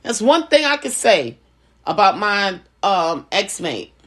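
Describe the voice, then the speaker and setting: A woman's voice: mid-range voice, sing-song, slow pace, fairly bright tone. A woman in a casual vlog, giving life advice in a conversational, preaching way and often repeating phrases. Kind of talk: casual personal talk.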